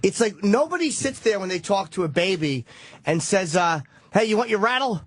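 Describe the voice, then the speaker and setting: A man's voice: sits high, animated, normal speed. A man co-hosting a talk radio show, blunt and profane in casual banter. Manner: blunt and profane, jumps into mocking voices. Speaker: radio co-host. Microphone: studio microphone.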